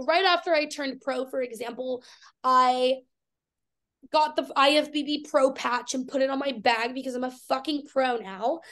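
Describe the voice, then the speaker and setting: Young woman guest, high voice, blunt and profane, animated storyteller. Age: 20s. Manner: blunt, swears freely, animated retelling. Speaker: guest, fitness athlete. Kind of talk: candid interview talk.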